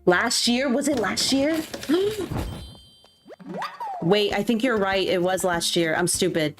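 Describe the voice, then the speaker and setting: Chatty woman streamer over game music. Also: on the low side. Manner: chatty, gushing, self-mocking. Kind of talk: casual chat while gaming.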